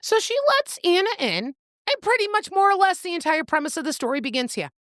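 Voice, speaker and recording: A woman's voice: extremely high pitch, sing-song, fast, fairly bright tone, no room sound, studio quality. A woman co-hosting a casual book-club podcast, retelling the plot with acted-out quotes and a bit of swearing. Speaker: podcast co-host.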